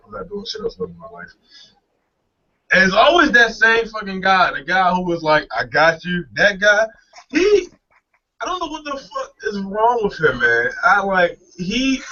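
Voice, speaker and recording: High bright-voiced guy ranting and cussing on a podcast, lots of swings in his voice, muffled lo-fi audio. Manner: animated, swearing, mimics others in quick asides. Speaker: podcast co-host. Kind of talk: profane comic rant. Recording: dull lo-fi audio.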